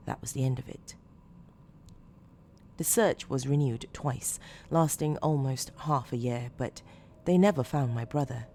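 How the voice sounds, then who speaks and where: A woman reading a horror story as scripted narration, measured and low-key with dramatic emphasis. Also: darkish tone, slight background noise.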